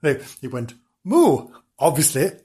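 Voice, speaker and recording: A man's voice: on the high side, expressive, unhurried, breathy edge. Giggly, playful male storyteller. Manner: playful, giggly, asides to listeners. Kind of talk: improvised comic storytelling.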